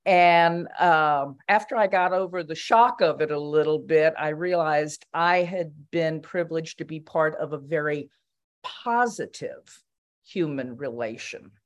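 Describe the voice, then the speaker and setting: Older woman telling a story, lowish voice. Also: unhurried, dull audio. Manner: conversational storytelling with fillers and restarts. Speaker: commission member. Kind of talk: spoken reflection at a meeting.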